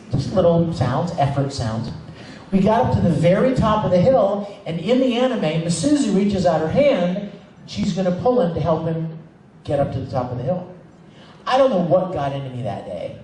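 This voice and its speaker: A man, a voice actor, telling stories on a convention panel in an animated, emphatic way, often laughing. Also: medium pitch, slight background noise. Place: large convention hall. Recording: echoey hall recorded from far off.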